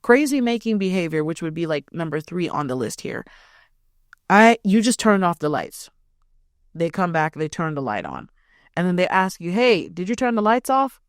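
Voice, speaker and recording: A woman's voice: fairly low pitch, sing-song, moderate pace, no echo, studio quality. A young woman hosting a podcast, telling a personal story in a blunt, profane, emphatic way. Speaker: podcast host. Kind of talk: casual storytelling.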